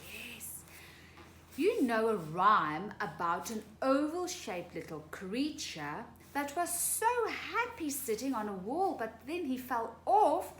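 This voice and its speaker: A woman with a fairly high, very lively voice leads a morning circle for young children. She speaks slowly and sings in a playful, singsong way. The room sounds echoey, with faint hiss behind her. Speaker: preschool teacher.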